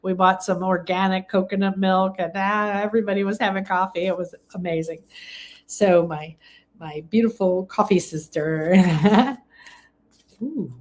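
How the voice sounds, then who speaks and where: A woman from England leads a casual live spiritual talk at a middle pitch. She speaks in an effusive, gushing way and often restarts her sentences. Now and then she breaks into excited exclamations. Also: moderate pace. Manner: rambling, with frequent restarts and fillers. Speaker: spiritual teacher and live-stream host.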